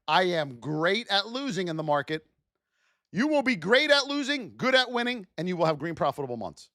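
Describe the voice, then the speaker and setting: High-pitched animated male trading instructor. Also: no room sound, clean studio sound. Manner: animated, acts out traders' self-talk, addresses chat. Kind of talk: live-streamed trading class.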